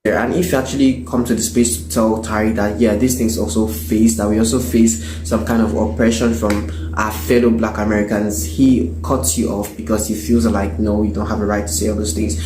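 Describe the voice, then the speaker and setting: A man speaks in a fairly low voice, measured and a bit halting, with fillers and self-corrections. The recording is echoey, and clear background noise runs under him. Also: little pitch movement. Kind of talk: opinion monologue.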